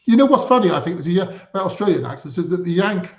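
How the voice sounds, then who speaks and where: A British man from England, a guest author chatting quickly on a remote call, hesitating as he talks. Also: high voice, expressive, darkish tone. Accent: British English. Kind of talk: remote interview conversation. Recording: roomy, dull video-call audio.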